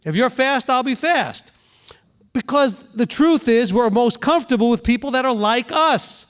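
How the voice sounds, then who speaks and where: A middle-aged man, a rabbi, teaching a congregation in a relaxed sermon, often turning to ask the room questions and acting out quick examples. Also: very high voice, smooth. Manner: conversational preaching, asks the room questions, voices quick examples.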